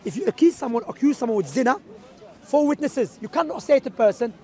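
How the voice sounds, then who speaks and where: A man's voice: very high voice, animated, quick pace, mellow. A man, a street preacher, arguing emphatically in an impromptu outdoor debate, mixing in religious Arabic phrases. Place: outdoors in a city park.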